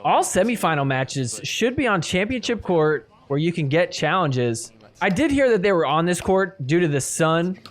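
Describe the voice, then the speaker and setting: A man hosting a podcast, casually talking through match replays play by play and getting excited at big points. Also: sits high, normal speed. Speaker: podcast host recapping matches. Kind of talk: play-by-play video recap commentary.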